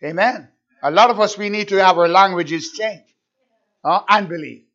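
A man's voice: high-pitched, moderate pace, pushed and bright. A man preaching a fervent sermon, repeating himself and firing rhetorical questions at his listeners. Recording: dull lo-fi recording.

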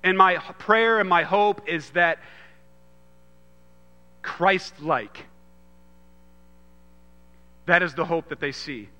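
Earnest thirties guy preaching in church, goes loud then hushed, kinda high bright voice. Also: in a large hall. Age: 30s. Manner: earnest, swings from loud emphasis to hushed storytelling. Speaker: pastor. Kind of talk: sermon.

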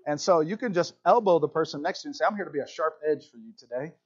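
A man with a Southern country accent, preaching a sermon to his congregation, talking to them directly with animated asides. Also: a little high, fast talker, dull audio. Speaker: pastor.

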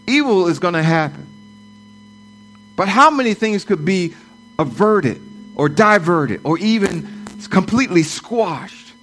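A man's voice: sits high, a bit bright. A man in his forties preaching a sermon, repeating lines for emphasis and building to fervent declarations.

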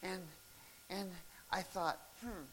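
A middle-aged man preaches a sermon in a high voice that swings up and down, rising into shouts and laughs at the high points of his stories. His tone is bright and sharp. A faint hiss sits under the recording. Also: sing-song, a little slow, gravelly. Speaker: pastor. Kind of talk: sermon storytelling.

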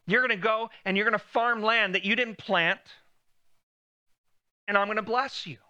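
A man's voice: high voice, normal speed, sharp tone, smooth, dull audio. A man preaching a sermon in a conversational way, lifting his voice when he quotes God.

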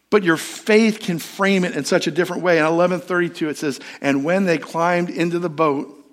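Male pastor, conversational sermon delivery, a touch higher-pitched, storytelling with questions to the room. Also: fairly bright tone.

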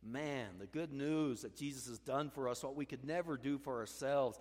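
A man's voice: moderate pace, hardly any pauses. Emphatic male pastor in a reverberant hall. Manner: emphatic preaching, swinging between loud urging and hushed low lines. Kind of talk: sermon.

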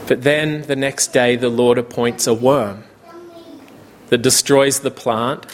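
A man preaching a sermon in a slow, measured way, with casual asides. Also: medium pitch, steady tone. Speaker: pastor.

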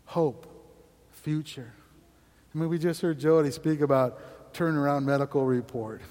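A man preaching an energetic sermon as pastor, exclaiming and laughing often between lines. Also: fairly high pitch, unhurried, big-room sound.

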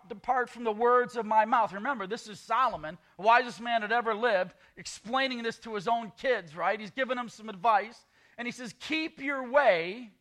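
A man's voice: extremely high pitch, a bit bright. A man preaching a sermon as pastor, with sarcastic asides and quoted scripture.

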